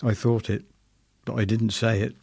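A man's voice: fairly low pitch, flat delivery, normal speed, vocal fry, darkish tone, breathy edge, no room sound, clean studio sound. An older man reading his own humorous first-person story in a wry, self-mocking and grumbling manner.

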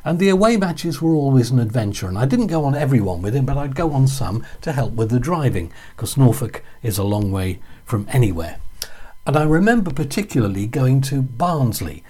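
A man with a Yorkshire accent, chatting through a lively anecdote as a guest. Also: mid-range voice, brisk, husky. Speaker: guest storyteller. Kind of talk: casual anecdote.

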